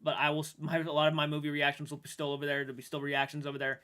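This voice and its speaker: A man streaming live and chatting with viewers, emotional and halting, restarting sentences and swearing now and then while sounding shaken. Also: on the high side, completely flat delivery, pushed and bright, clear, resonant tone. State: shaken and upset. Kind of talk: livestream chat with viewers.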